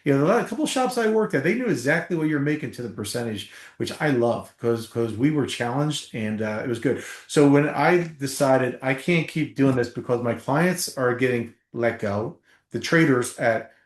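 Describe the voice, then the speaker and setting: A middle-aged man from New Jersey, once a football player, guests on a podcast and tells emphatic stories in an animated way, swearing casually. His mid-range voice moves at a normal speed, and the recording is reverberant.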